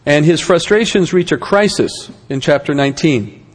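A man's voice: a little high, expressive, moderate pace, in a large hall. A man giving a conversational Bible lesson, with rhetorical questions and wry asides. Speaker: Bible teacher.

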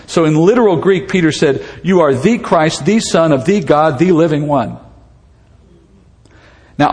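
A man preaching a sermon, his voice sitting a little high. He talks in an easy, conversational way and retells the story vividly, checking in with his listeners through rhetorical questions. His words ring out with a long hall reverb. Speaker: pastor.

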